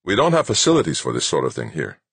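Man doing a gruff, curt graying doctor. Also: a bass voice, huge pitch swings, quick pace, fairly bright tone, no room sound, full character voice. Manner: curt, snapping. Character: gruff no-nonsense middle-aged male doctor.

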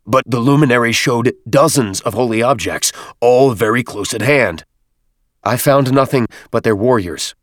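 A man voicing a big alien male warrior who booms and rumbles his answers. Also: moderate pace, hardly any pauses, dry recording, clean studio sound, close to an everyday voice. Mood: earnest. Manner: booming, rumbling.

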